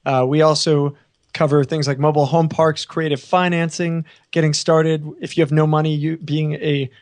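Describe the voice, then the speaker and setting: Hoarse, gravelly podcast host man. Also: on the high side, flat delivery, moderate pace. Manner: joking, upbeat, promotional. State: hoarse, partly lost voice. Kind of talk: casual podcast banter.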